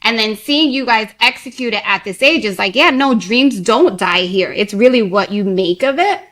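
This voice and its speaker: A woman's voice: fairly high pitch, normal speed, fairly bright tone. A woman from Connecticut hosting an interview, asking long rambling questions in casual chat and laughing often. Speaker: podcast host.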